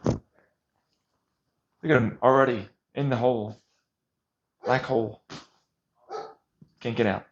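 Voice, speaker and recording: A man's voice: medium pitch, steady tone, takes it slowly, long pauses, noisy background. A man vlogging an intense monologue, agitated and sarcastic as he rants. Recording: dull lo-fi recording.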